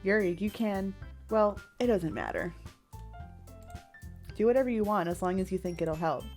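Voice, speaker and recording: A woman reading out the lines of a brisk teenage club president from a game. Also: medium pitch, a little mellow, soft background music, close to an everyday voice. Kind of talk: reading game dialogue aloud.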